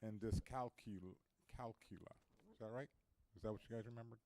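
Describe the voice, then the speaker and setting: A man's voice: fairly low pitch, brisk, dark tone, poor audio. A man moderating a Q&A session, casual and a bit hesitant, stumbling over words. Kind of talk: hosting a Q&A.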